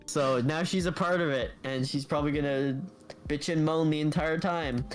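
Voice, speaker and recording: Animated man recapping anime, slightly high. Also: a little slow, soft background music. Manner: animated, laughs often, mimics characters while retelling. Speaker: podcast co-host. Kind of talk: casual chat recapping anime episodes.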